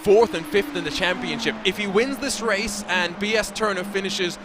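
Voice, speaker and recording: A man calls an esports endurance race in a fairly high voice, explaining strategy briskly and dropping jokey asides. Constant background noise runs under his commentary.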